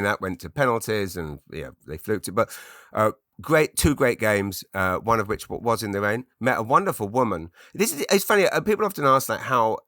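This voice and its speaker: A man's voice: mid-range voice, bright, forceful tone, dry recording, clean studio sound. A middle-aged man from England, hosting his own podcast in a chatty, rambling, self-deprecating way with many restarts. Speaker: podcast host. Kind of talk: rambling solo podcast monologue.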